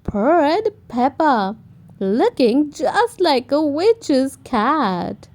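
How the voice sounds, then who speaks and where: A woman reading a children's picture book aloud in an expressive, gently paced way. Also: high voice, extremely slow. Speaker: storytime reader. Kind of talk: children's read-aloud narration.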